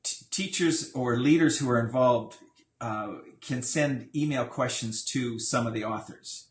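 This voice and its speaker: A man with a voice of middling pitch leads a relaxed interview, teasing his guest in a playful way. The room around him is echoey and roomy. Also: unhurried. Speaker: interviewer, author. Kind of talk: casual interview.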